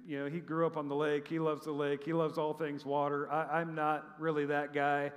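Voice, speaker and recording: A middle-aged man preaching a conversational sermon, animated and chatty, with sarcastic asides and frequent restarts. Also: a little high, normal speed. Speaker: pastor. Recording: long reverb of a large hall.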